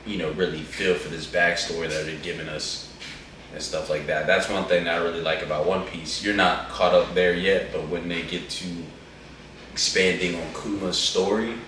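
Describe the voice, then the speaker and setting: Deep-voiced man in a casual chat, echoey. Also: normal speed, slight background noise. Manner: animated, rambling, slangy. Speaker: co-host reviewing an anime movie. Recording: echoey room, far from the mic.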